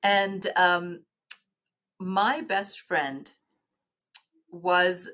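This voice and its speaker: A middle-aged woman, telling personal stories as a podcast guest in an earnest, halting way with many restarts. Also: fairly low pitch, a bit bright. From Canada. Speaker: guest, nonprofit executive. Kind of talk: podcast interview storytelling.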